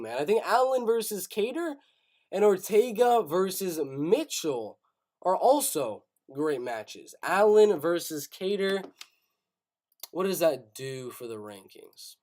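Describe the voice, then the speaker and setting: A young man hosting a live stream, thinking aloud and often repeating himself as he stammers through ideas. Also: a little high. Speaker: host.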